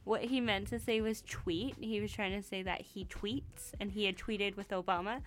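A Canadian woman co-hosting a casual chat, telling stories in an animated way. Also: medium pitch, normal speed, few pauses, a little hiss or hum.

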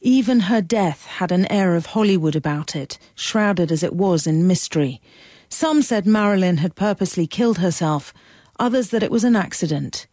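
A woman giving scripted documentary narration in a measured, even manner. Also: fairly low pitch, no room sound, clean studio sound.

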